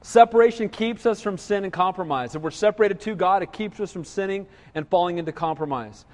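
A man's voice: high-pitched, brisk, a little mellow, in a large hall. A middle-aged man preaching a sermon, joking and telling stories, often asking listeners "right?". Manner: storytelling with humor, asks listeners "right?". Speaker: pastor.

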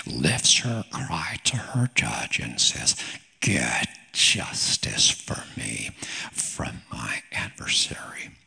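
A man preaching a sermon with emphatic delivery and playful asides, in a husky voice. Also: low voice, sharp tone.

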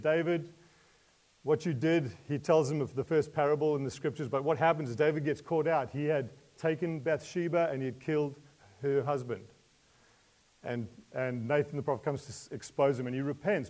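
This sermon comes from a man whose voice is on the high side. He questions his listeners, lets out light laughs between points, and moves from quiet remarks to loud, emotional pleading.

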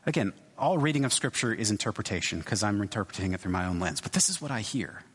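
Husky-voiced pastor preaching in a reverberant hall. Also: male voice, lowish voice, lively intonation. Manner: conversational, halting, many restarts and asides. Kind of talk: sermon.

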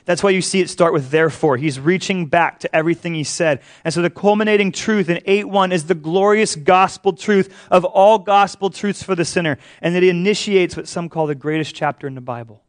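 A man preaching a sermon as a pastor, earnest and emphatic. He repeats key phrases and often drops to a hush. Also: sits high, a little fast, hardly any pauses.

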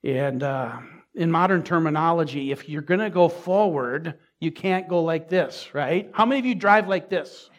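A man's voice: on the high side, normal speed. A man preaching a sermon as pastor, speaking conversationally with asides to the congregation and rising emphasis. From Minnesota.

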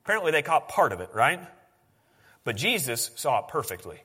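Bright sharp-voiced guy preaching, earnest and chatty, lots of ums, long church echo. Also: medium pitch, very animated, a little fast, slightly rough. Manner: earnest, conversational, frequent ums and restarts. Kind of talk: sermon.

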